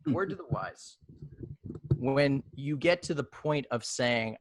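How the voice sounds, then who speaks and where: A man spins a comic story over a video call, reading out emails in a deadpan, mock-formal tone. His voice sits in a middle register and sounds close and dry, with no room around it. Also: mid-range voice, takes it slowly, creaky, long pauses, no echo. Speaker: comedian telling a story.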